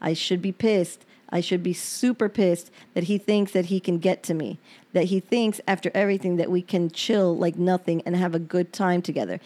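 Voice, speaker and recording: A woman's voice: fairly low pitch, fairly even intonation, normal speed, mellow. A woman podcast host reading her personal diary entries aloud, frank and emotional and given to swearing.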